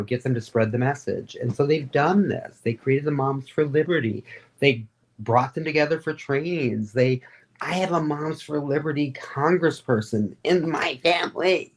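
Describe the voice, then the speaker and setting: Candid, rambling woman telling stories. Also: a bass voice. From Florida. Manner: rambling, animated, candid, with frequent fillers. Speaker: guest, advocate and radio host. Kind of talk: casual interview storytelling.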